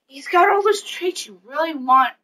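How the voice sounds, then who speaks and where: A woman co-hosting a casual chat, playful and excitable, teasing her husband. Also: sits high, moderate pace, recorded from a distance. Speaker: co-host.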